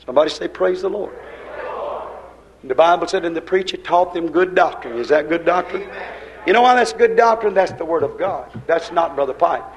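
A man's voice: fairly high pitch, normal speed, low-quality recording. Fervent older preacher man. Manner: fervent preaching, swings between loud and hushed. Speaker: pastor. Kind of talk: sermon.

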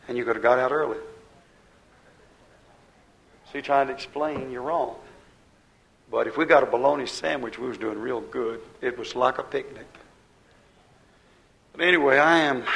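A man preaching a sermon in a folksy way, talking straight to the congregation and swinging between loud emphatic bursts and low, quiet drops. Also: vocal fry, rough recording. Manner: folksy, addresses the congregation directly.

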